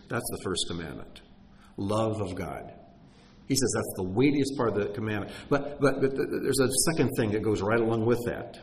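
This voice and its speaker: A man's voice: fairly low pitch, lively intonation, moderate pace, a little mellow, slight background noise. A man preaching a sermon in a conversational teaching tone, with emphatic rises and frequent restarts.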